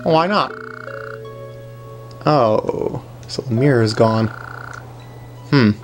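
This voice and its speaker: Low-voiced, slow-talking woman gamer. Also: lively intonation. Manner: chatty, playful, talks to game characters. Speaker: gaming commentator. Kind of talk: let's play commentary. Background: faint game music.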